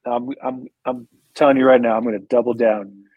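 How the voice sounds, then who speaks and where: A man appearing as a podcast guest, speaking softly and sounding moved. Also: mid-range voice, level tone, fairly quick, highs cut off. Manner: moved, soft-spoken. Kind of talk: casual podcast chat.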